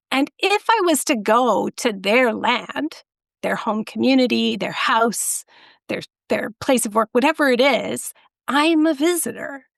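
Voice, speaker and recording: A woman's voice: a little high, gravelly, dry recording, studio quality. A middle-aged woman, a podcast guest, telling a rambling, self-deprecating story in casual conversation.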